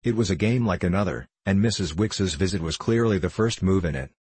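A man reads a classic novel aloud in a measured, literary manner. His voice is very low and husky, and the recording is dry and close. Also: expressive, darkish tone, dry recording. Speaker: narrator. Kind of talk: audiobook reading.

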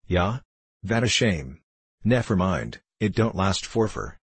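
A man's voice: low voice, sing-song, slow, slightly rough, dry recording, heavily acted. A man reading a stout, kindly woman of about fifty, speaking broken English. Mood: consoling.

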